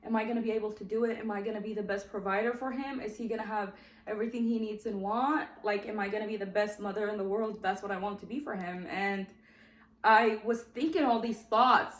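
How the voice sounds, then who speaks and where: On her own podcast, a twenty-something host chats earnestly about her life, often addressing "guys" and sometimes close to tears. Her mid-range voice is steady and a little fast, with echoey room acoustics.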